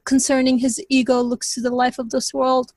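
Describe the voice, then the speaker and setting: A woman's voice: high-pitched, completely flat delivery, normal speed, a little mellow, no room sound. A woman in a study group discussion, thinking aloud in a tentative, hedging way. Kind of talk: reflective discussion comment.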